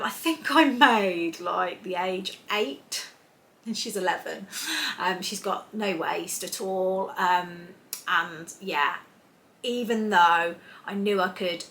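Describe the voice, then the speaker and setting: A woman's voice: on the low side, a little hiss or hum. A woman chatting casually on her sewing vlog, rambling along with lots of ums and restarts. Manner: rambling, warm-hearted, many ums and restarts. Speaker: sewing vlogger.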